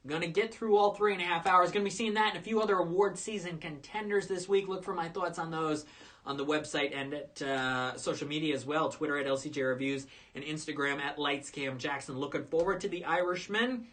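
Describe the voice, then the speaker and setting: A woman's voice: deep voice, a little fast, a bit bright. A woman hosting a live show as a film critic, giving casual, opinionated movie reviews with frequent uhs and restarts.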